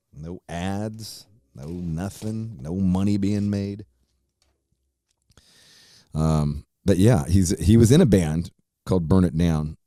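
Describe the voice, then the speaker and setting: A man's voice: low voice, mellow, no echo, clean studio sound. A man hosting his own podcast, talking casually and rambling, swearing often. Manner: profane, rambling, laid-back. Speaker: podcast host.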